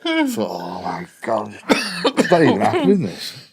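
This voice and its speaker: A man's voice: on the low side, wildly swooping pitch, unhurried, vocal fry, a little hiss or hum. A man with a broad Liverpool accent telling a profane, blunt anecdote in casual chat. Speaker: guest storyteller.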